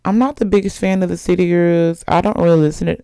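A young woman chats loosely on her podcast, gossipy and quick to laugh. Her voice is smooth yet full of fry. The sound is close and dry. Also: fairly low pitch, fairly even intonation, warm tone, no echo. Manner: chatty, laughs often, gossipy. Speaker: podcast host. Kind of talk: casual chat.

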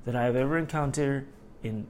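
A middle-aged man hosting a casual solo podcast, ranting in animated, profane stories and acting out what people said. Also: medium pitch, fairly quick, slight background noise. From Los Angeles area. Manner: animated, profane storytelling with acted-out quotes. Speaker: podcast host.

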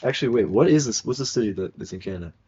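A young man co-hosting a podcast in casual banter, jokey and quick to laugh. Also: mid-range voice, breathy edge. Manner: jokey, laughs often, animated. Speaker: podcast co-host. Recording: dull lo-fi sound.

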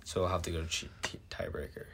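A man's voice: low-pitched, level tone, fast talker, creaky, pushed and bright. A young man co-hosting a podcast, chatting casually and pushing his opinions on sports. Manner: opinionated, pushy. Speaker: podcast co-host.

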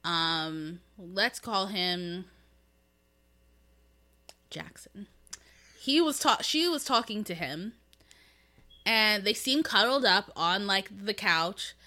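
A woman's voice: mid-range voice, expressive, slow pace, long pauses, pushed and bright. A young woman co-hosting a podcast, chatting casually and giggling as she tells a story and acts out the quoted lines. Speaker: podcast co-host. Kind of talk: casual chat.

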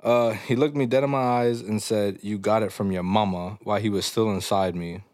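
A young man with a fairly low, darkish voice and fairly even intonation hosts a casual comedy podcast, speaking a little fast. He reads listener stories aloud and reacts with crude slang and frequent laughter, in dry, studio-quality sound.

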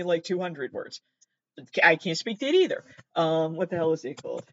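A man's voice: a little high, no room sound, lo-fi sound. A man hosting his own show, chatting casually about odd news stories in a rambling, profane, self-mocking way. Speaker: podcast host. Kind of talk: casual solo commentary on news.

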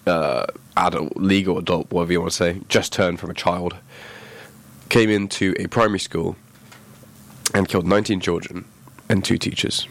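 Low-voiced male podcast host, casual and rambling, stops and restarts his sentences. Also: vocal fry. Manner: chatty, self-interrupting, jokey. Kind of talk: casual chat and news segment. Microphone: throat-worn mic.

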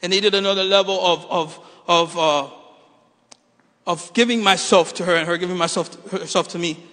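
A man's voice: high voice, steady tone, moderate pace, bright, forceful tone. A middle-aged male pastor preaching a sermon, telling a personal story with jokes to his congregation. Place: church hall. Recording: reverberant hall.

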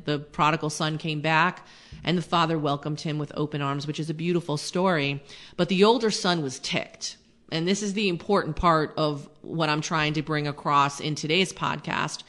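Low-voiced woman teaching on a faith podcast. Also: fairly bright tone. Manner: earnest, conversational, with many fillers. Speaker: podcast host.

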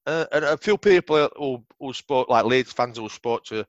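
A man's voice: mid-range voice, moderate pace, no room sound, highs cut off. A middle-aged man with a Yorkshire accent telling rambling, sweary football stories in a casual interview. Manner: swears freely, rambling anecdotes. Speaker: podcast guest, former footballer.

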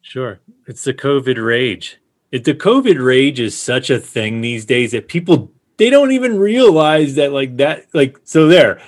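A man's voice: medium pitch, expressive, unhurried. A man co-hosting a podcast, chiming in and agreeing in a casual way. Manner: agreeable, chiming in with short replies. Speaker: podcast co-host.

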